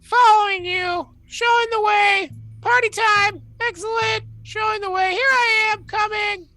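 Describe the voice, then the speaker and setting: A man voicing a flock of excited, chattering crows in a tabletop game, with a shrill squawking chant. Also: unhurried, no echo, exaggerated voice. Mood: frantic.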